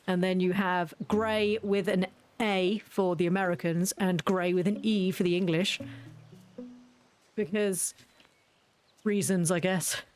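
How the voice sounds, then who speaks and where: A woman's voice: lowish voice, steady tone, takes it slowly, long pauses, a little mellow, faint music behind. A young woman chatting casually as she plays a game, ranting and laughing often. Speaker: gaming video creator. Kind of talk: casual gameplay commentary.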